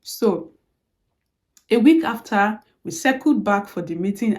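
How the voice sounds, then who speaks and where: Woman, motivational speaker, lively personal storytelling, quotes dialogue, soft warm tone. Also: mid-range voice, unhurried.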